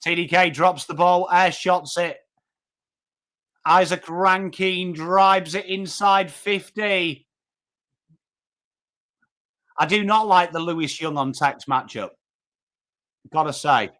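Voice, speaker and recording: A man with an English accent hosting a live footy watchalong, mixing game commentary and cheering with quick replies to viewers in chat. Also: sits high. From England. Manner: animated, jumps between cheering the team and greeting viewers. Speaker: livestream host.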